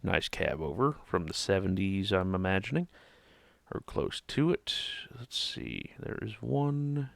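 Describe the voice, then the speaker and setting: A man's voice: low-pitched, a little slow, gravelly, a bit bright, dry recording. A man streaming a truck driving game, chatting casually to himself and the traffic in a sleepy, laid-back way. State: sleepy, yawning. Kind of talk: casual gameplay commentary.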